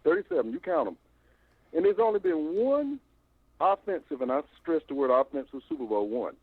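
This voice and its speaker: A man's voice: a little high, fairly quick, no room sound. Older man ranting down a phone line. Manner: animated, repeats himself, stammering restarts. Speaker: phone-in caller. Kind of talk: rambling call-in rant. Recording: tinny phone line, dry.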